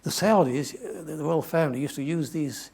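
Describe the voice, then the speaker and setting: A man's voice: on the high side, fairly even intonation, brisk, creaky, a little mellow, slightly rough. An older man giving a talk to an audience, telling a long adventure story in a rambling way and often correcting himself. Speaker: guest speaker.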